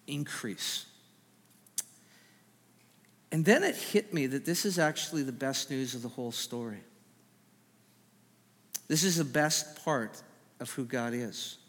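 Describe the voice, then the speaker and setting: A middle-aged man preaching in a church sanctuary, his voice sitting a little high for a man. He is lively and stumbles through quick restarts. A long hall reverb trails after every phrase. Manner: animated, stammering restarts, acts out quoted voices. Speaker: pastor. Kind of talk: sermon.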